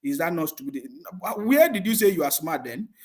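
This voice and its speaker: A man's voice: on the high side, very animated, moderate pace, a little mellow. A man hosting a heated live stream, mocking his critics, laughing often and reading out viewer comments with scorn.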